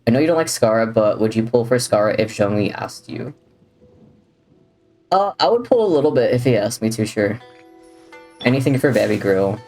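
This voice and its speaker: The streamer is a man with a fairly low, darkish voice who speaks expressively at normal speed, leaving long pauses. Casually commenting on the game he's playing live, he reads viewers' messages, cracks jokes, and drifts between chat and the game over faint game music.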